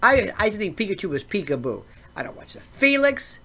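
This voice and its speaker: Sarcastic, animated American woman ranting. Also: medium pitch, fairly quick, creaky, husky. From United States. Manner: sarcastic, rambling, digressive. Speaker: show host. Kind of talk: comedic rant.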